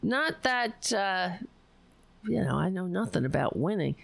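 A woman's voice: medium pitch, big pitch swings, measured pace, gravelly, no room sound, heavily acted. A woman putting on a sarcastic, self-mocking impression of a boastful older male politician.

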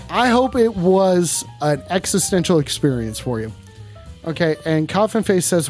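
A jokey streamer reads chat aloud and fires back crude, teasing replies. The voice sits at a middle pitch, with faint music running in the background. Swearing comes easily and often. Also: expressive, normal speed, darkish tone. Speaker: live streamer reading chat. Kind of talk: casual live-stream chat.

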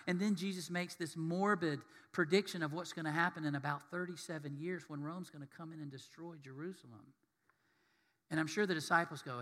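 A man preaching a sermon as pastor, telling the story in an animated way and acting out the voices of the people in it. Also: on the high side, fairly quick, long reverb tail.

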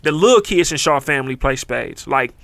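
Fast, bright-voiced man telling animated stories. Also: vocal fry, no room sound. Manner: animated storyteller, acts out quotes with big pitch jumps and laughter. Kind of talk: casual chat.

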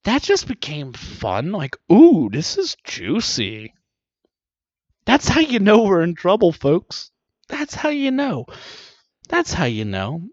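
A man's voice: high-pitched, wildly swooping pitch, unhurried, no room sound. A man delivering a profane comedic rant with mocking asides, swearing often. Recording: dull lo-fi dry recording.

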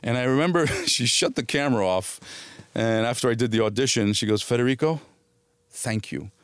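A man's voice: medium pitch, fairly quick, smooth, dry recording. A middle-aged man from the New Jersey area, an actor telling stories in a casual interview and acting out people's lines. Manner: animated anecdotes, quotes people in dialogue. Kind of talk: casual storytelling.

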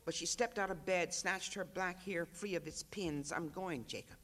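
An author reading a literary excerpt aloud at a panel, measured and rhythmic. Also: male voice, sits high, a bit bright.

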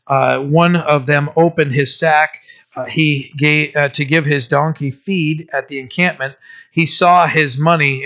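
A man's voice: a little high, pushed and bright, muffled recording. A man preaching as pastor, reading scripture aloud and explaining it in a conversational way, often checking in with "right?". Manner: conversational, many fillers, asks listeners "right?".

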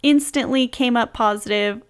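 A woman's voice: fairly high pitch, moderate pace, clean tone. A young adult woman telling a personal story in a casual, bubbly way, laughing often as she retells it. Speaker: vlogger. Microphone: close mic, reading from a journal.

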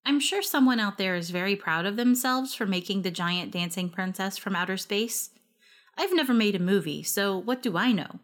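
A woman's voice: mid-range voice, normal speed. Wry woman narrating a story. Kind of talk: first-person story narration.

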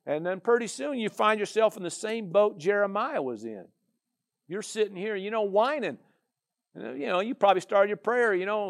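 A man's voice: high-pitched, lively intonation, normal speed, gravelly. A man preaching a sermon as a pastor, with a conversational style full of "you know" and "amen".

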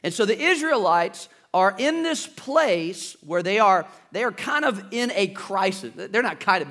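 Male pastor preaching, high voice, dramatic and animated delivery. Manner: preaching with dramatic shifts, acting out panicked voices. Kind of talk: sermon.

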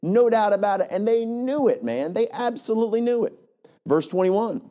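A male pastor preaching a lively, conversational sermon, often checking in with "right?". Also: high-pitched, moderate pace. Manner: animated, conversational, frequent "right?".

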